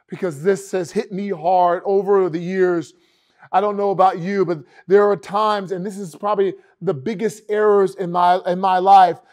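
A man's voice: high-pitched, darkish tone. A man preaching a sermon to an online congregation, talking conversationally and repeating words for emphasis. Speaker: pastor. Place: church online worship video.

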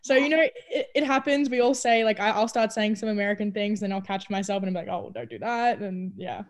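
A woman's voice: medium pitch, steady tone, a little fast. A young adult woman with an Australian accent, chatting animatedly in an interview over a video call, laughing often. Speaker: college basketball player. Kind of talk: casual interview chat.

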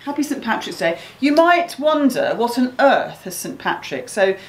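A woman's voice: fairly high pitch, big pitch swings, moderate pace, echoey room, noisy background. A woman hosting a home cookery video in her kitchen, chatty and playful, teasing herself and her partner. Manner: chatty, playful, self-mocking. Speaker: cookery host. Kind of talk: casual cooking show chat.

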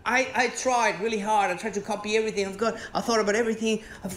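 Man, Venezuelan accent, stand-up comic, sweary and animated, roomy live venue, faint background hum. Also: sits high, fast. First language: Spanish. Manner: animated, swearing, rising to exclaim. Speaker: stand-up comedian. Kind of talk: stand-up comedy routine. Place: stage in a comedy venue with live audience.

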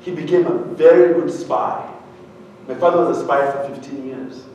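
A man from Uganda telling a humorous, animated story to an audience, often asking them questions. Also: fairly high pitch, normal speed, dull audio, slight background noise. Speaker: speaker. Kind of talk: storytelling keynote talk. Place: large hall with an audience. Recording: very echoey hall, heard from a distance.

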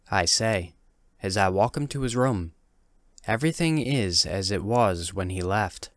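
A man calmly reading a first-person horror story in a measured way. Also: on the low side, dry recording, clean studio sound. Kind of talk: scripted horror narration.

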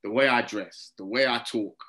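A man's voice: medium pitch, moderate pace, bright, forceful tone. A man with a London accent, a comedian guest in a casual interview, telling stories with animation and acting out the voices of people he quotes. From England.

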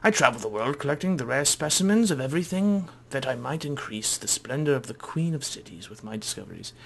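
A man's voice: mid-range voice, lively intonation, fairly quick, vocal fry, a little hiss or hum. A man voicing a pompous, grandiloquent male scholar and explorer in an odd put-on voice. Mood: boastful.

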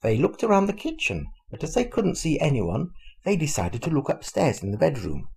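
An older man, a grandfather, reading a children's storybook aloud in a lively, expressive way. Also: fairly high pitch, moderate pace, gravelly, slightly rough.

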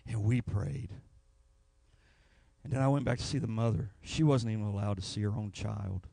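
A man's voice: fairly low pitch, normal speed, vocal fry, no echo. A man preaching a sermon in a church, telling a personal story. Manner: storytelling, rising to anguished shouts. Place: church sanctuary.

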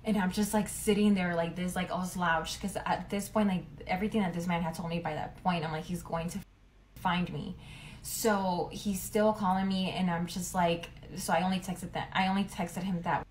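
A woman's voice: lowish voice, fairly even intonation, moderate pace, slight background noise. A young woman retelling a story casually, chatty and full of fillers. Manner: chatty, lots of "like", dramatic retelling.

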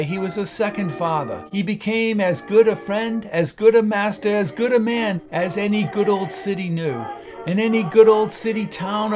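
A man narrating a classic novel as an audiobook in an expressive, theatrical storytelling manner. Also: high-pitched.

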